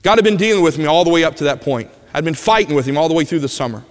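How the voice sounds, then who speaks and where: A man tells a personal story from the pulpit in a somewhat high voice. He is a vivid storyteller who drops to a hush at the tender parts, and his voice carries a long reverb through a large church hall. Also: expressive, rapid-fire. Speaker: preacher giving a testimony. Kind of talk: emotional sermon storytelling.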